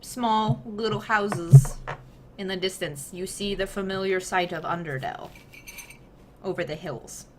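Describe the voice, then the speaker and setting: A young woman narrating a tabletop fantasy game as the game master, describing the scene with relaxed fillers and hedges. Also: medium pitch, unhurried, noisy background.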